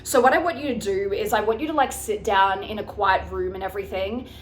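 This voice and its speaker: A woman's voice: mid-range voice, brisk, slight background noise. Frank, chatty woman life coach. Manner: frank and chatty, swears casually, keeps checking in with "okay, guys?". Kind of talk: casual advice vlog.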